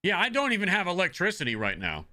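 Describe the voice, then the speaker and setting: A man's voice: high-pitched, huge pitch swings, fast, sharp tone. A man originally from the Northeastern US chatting casually while streaming a game, blunt and profane and prone to rambling.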